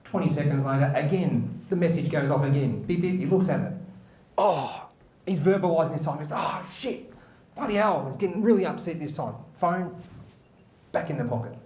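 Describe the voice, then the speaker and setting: A man hosting a comedy show tells a long joke in a rambling, animated way, acting out the people in it. His voice sits a little high, and the recording has a roomy echo. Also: a little fast. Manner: rambling, animated storyteller who acts out the characters. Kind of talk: joke telling.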